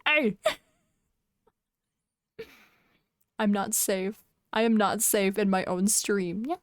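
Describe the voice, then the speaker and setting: A woman's voice: medium pitch, expressive, slow, dry recording, clean studio sound. A young woman streaming from home, chatting casually with her viewers in a playful, teasing way and laughing often. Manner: playful, giggly, teasing chat.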